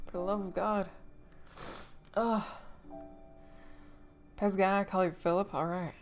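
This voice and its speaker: A young female streamer chats casually on a livestream, tearful and crying, laughing between words. Her medium-pitched voice holds a fairly even intonation at a measured pace with long pauses. Faint music plays in the background.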